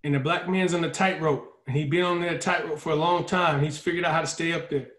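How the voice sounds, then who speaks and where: A man's voice: a little high, steady tone, quick pace, fairly bright tone. A man giving an earnest talk as a guest speaker. He often acts out the voices he quotes and speeds up when stirred. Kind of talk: impassioned talk on a video call. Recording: echoey room.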